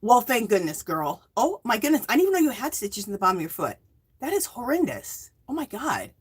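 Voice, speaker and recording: A woman's voice: on the high side, wildly swooping pitch, brisk, husky. A woman in her fifties from the US West Coast, chatting casually on her livestream, greeting viewers by name and rambling off into asides. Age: 50s. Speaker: livestream host.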